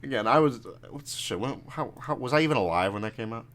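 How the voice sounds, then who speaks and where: A man's voice: mid-range voice, animated, quick pace, fairly bright tone. A young man co-hosting a casual podcast chat, laid-back and teasing. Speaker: podcast co-host.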